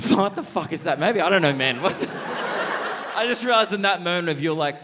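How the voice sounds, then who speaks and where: A man's voice: high voice, lively intonation, normal speed, background noise. A young Australian man doing stand-up comedy in a theatre, rambling and self-mocking as he laughs at his own jokes. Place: large theatre on stage.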